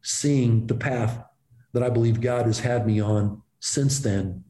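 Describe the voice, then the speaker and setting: A man, a former baseball pitcher, telling animated, self-deprecating stories as an interview guest. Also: slow, echoey room. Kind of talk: storytelling in an interview.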